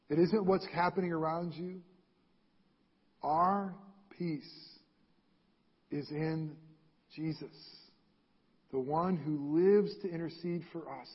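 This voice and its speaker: High-voiced preacher in an echoing hall. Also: male voice, husky. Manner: emphatic preaching with repeated phrases. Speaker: pastor. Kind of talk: sermon. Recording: dull lo-fi sound in a reverberant hall.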